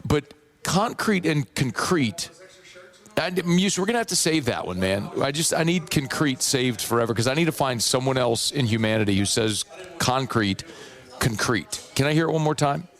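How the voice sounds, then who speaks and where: A hoarse man hosting sports radio, playful and rambling. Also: medium pitch, expressive, fast, few pauses. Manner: playful, rambling, riffs on pronunciation. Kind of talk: casual radio talk with live ad read.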